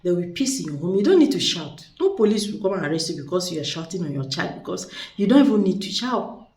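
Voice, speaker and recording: Lady hyping her products, lowish voice, kinda far from the mic. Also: very animated, fast talker, darkish tone. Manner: chatty, persuasive, repeats words for emphasis. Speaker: seller of spiritual products. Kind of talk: casual product showcase. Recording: echoey room, distant mic.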